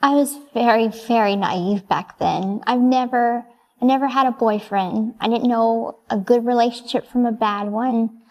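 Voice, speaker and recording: Soft-spoken hesitant young woman, gravelly. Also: fairly high pitch, measured pace. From United States. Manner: soft, hesitant, brief answers with many ums. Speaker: interviewee. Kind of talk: answering interview questions.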